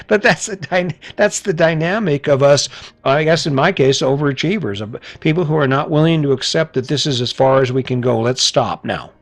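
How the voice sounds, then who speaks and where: A man's voice: fairly high pitch, a little fast, soft background music. A middle-aged man hosting a podcast, delivering a blunt motivational monologue full of rhetorical questions and casual swearing. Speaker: podcast host.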